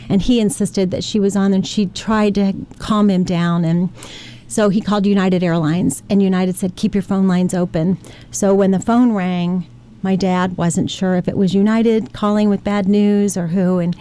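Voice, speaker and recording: A mellow, medium-pitched woman speaks at a moderate pace with fairly even intonation. She's a middle-aged flight attendant from Ohio, United States, appearing as a guest on a radio interview. She earnestly and emotionally recounts a past experience, acting out the quotes as she tells it.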